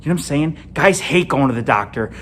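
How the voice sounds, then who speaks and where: A middle-aged man from Illinois doing an animated stand-up comedy set alone in an empty comedy club, with punchy delivery and big jumps in pitch. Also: fast talker, a little hiss or hum.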